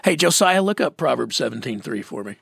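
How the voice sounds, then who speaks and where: A man's voice: medium pitch, very animated, a little fast, gravelly, a bit bright, breathy edge, dry recording, studio quality. A man, a pastor, chatting on a podcast in a joking, self-mocking way. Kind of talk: casual podcast chat.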